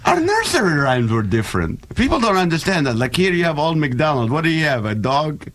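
A middle-aged man from the Middle East, a native Arabic speaker, chatting as a comedy guest in an animated, joking way and laughing often. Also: fairly high pitch, brisk. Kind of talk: casual chat.

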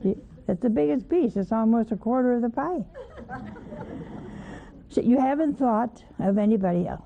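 A woman's voice: fairly high pitch, animated, moderate pace, vocal fry, a little hiss or hum. A woman giving an informal sermon in a folksy, questioning way, with chuckling asides. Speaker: religious teacher. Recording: tinny phone-like old recording.

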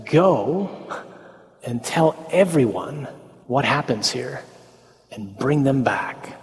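A man's voice: fairly high pitch, a little mellow, in a large hall. A man giving a conversational talk on the Mass to a parish group, asking rhetorical questions, tagging lines with "huh?" and slipping in folksy humorous asides.

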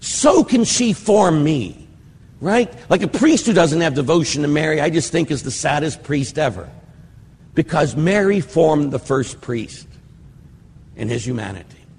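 A man's voice: medium pitch, vocal fry, husky, long reverb tail. An older man, a priest, giving a rambling, conversational teaching talk on prayer, full of fillers and asides.

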